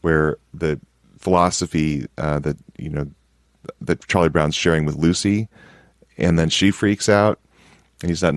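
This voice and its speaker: A man with a very low voice co-hosts a podcast, musing reflectively. The sound is dry and close, and he laughs lightly as he talks. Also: fairly even intonation, measured pace, long pauses, no echo. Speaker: podcast co-host. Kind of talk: casual chat.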